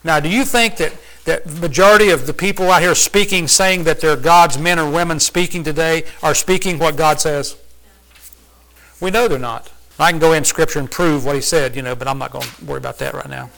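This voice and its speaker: A man's voice: a little high, fairly quick, vocal fry, a bit bright, low-quality recording. A man preacher giving informal Bible teaching in a folksy, conversational way, often asking the listeners questions.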